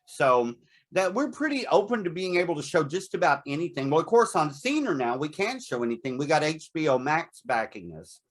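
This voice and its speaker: A candid, chatty man talks through an interview about his horror hosting show, breaking into laughter often. His voice sits a little high for a man and carries easy good humor. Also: very animated, brisk. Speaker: guest, horror host performer. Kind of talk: casual interview.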